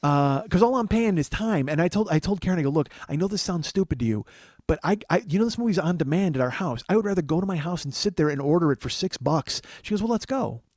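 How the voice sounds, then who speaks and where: A man's voice: fairly high pitch, lively intonation, quick pace, darkish tone, no room sound. Comedian host, middle-aged man, exasperated profane storyteller, bone-dry mic. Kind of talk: storytelling monologue.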